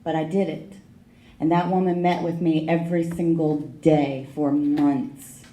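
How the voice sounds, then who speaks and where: Middle-aged woman telling her recovery story, wry and blunt, warm low voice, roomy echo. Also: little pitch movement, measured pace. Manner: frank, wry storytelling with emotional emphasis. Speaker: AA speaker. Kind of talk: personal recovery story told to a meeting. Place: meeting hall. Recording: echoey meeting room.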